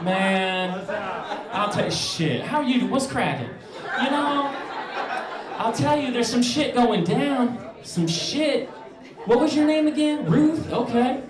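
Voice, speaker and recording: A young man performing animated, profane stand-up comedy, acting out the people in his story. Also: extremely high pitch, slow, reverberant, recorded from a distance, a crowd in the background, background noise. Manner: animated, profane, acts out voices.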